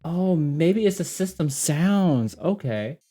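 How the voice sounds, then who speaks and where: A man's voice: on the high side, expressive, takes it slowly, warm tone, soft background music. A man streaming a game, chatting in an amused, casual way. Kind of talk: casual commentary while gaming.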